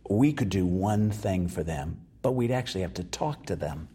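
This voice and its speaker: A man's voice: deep voice, expressive, moderate pace, dark tone, a little hiss or hum. A man telling a story as an interview guest, acting out the voices of the people in it.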